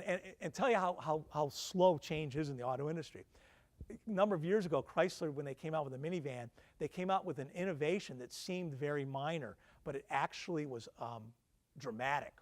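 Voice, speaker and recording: A middle-aged professor lecturing alumni in a slightly high voice. He keeps it conversational, tossing questions at the audience and slipping in self-deprecating asides. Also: expressive, a little fast.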